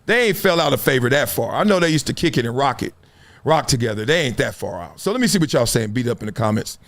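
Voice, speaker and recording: Medium in pitch but lively and quick, with a fairly bright tone, a middle-aged man hosts a live sports talk stream from home. He reacts to the chat with emphatic build-ups and laughs often.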